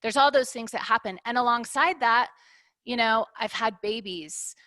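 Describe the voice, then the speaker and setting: A woman's voice: on the high side, normal speed, pushed and bright, dry recording. A middle-aged woman business owner, talking candidly in an interview and working through her points with analogies, often ending them with "right?". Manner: reflective, uses analogies, ends points with "right?".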